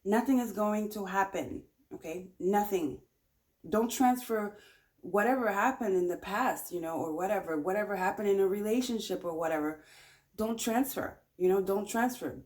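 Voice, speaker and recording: A woman's voice: mid-range voice, moderate pace, a little mellow. A woman giving a casual pick-a-card tarot reading, chatty and encouraging, often repeating her phrases. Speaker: tarot reader.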